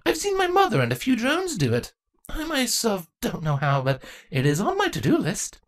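A woman's voice: a little high, wildly swooping pitch, normal speed, voice pushed up. A woman voicing a laid-back, teasing young female changeling in a storybook reading. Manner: casual, dry, teasing.

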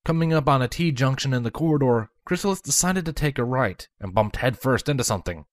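A woman's voice: very deep voice, animated, a little fast, no echo. A woman narrating a fan-fiction story aloud, reading expressively and voicing every character.

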